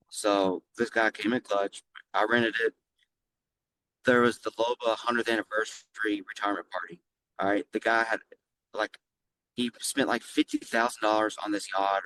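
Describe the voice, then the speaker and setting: A middle-aged man who owns a flooring business, telling stories lively and casually in an interview, swearing freely. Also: fairly low pitch, low-quality recording. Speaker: guest, flooring business owner.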